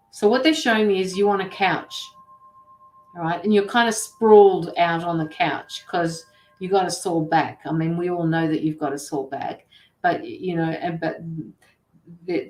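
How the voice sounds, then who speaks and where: Brief: middle-aged woman, lowish voice, rambling and blunt with casual swearing, roomy echo. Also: a little mellow. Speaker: intuitive tarot and mediumship reader. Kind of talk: casual livestream reading.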